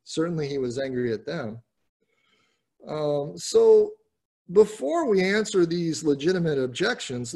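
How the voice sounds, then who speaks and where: A man's voice: a little high, a little mellow, husky. A man giving an earnest, explanatory Bible teaching in sermon style, often repeating words as he restarts sentences. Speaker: pastor teaching scripture.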